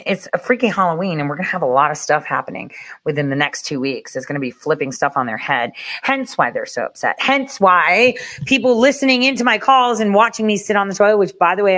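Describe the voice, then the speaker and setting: A woman vlogger giving casual, animated commentary, often laughing and incredulous. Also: lowish voice.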